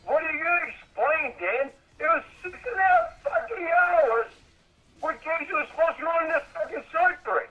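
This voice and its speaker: Furious swearing man, very high voice. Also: lively intonation, moderate pace, a little hiss or hum. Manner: yelling angrily, swearing heavily. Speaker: caller. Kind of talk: heated phone argument. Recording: dull lo-fi sound.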